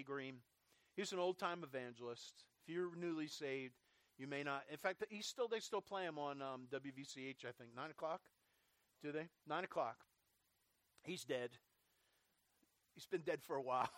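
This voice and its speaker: A man's voice: on the high side, no echo. Middle-aged male pastor preaching earnestly. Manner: earnest preaching, drops to quiet prayer. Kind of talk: sermon.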